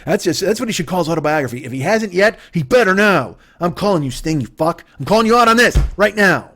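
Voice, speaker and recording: High, animated man riffing profanely. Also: fast. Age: 40s. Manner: profane, rambling, riffing on tangents. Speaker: podcast host. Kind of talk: rambling comedic monologue.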